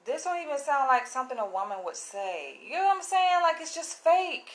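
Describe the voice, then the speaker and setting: A woman on YouTube rants to her audience while reading emails aloud, exasperated, blunt and animated, swearing along the way. She talks briskly in a high voice with hardly any pauses, and the recording is rough.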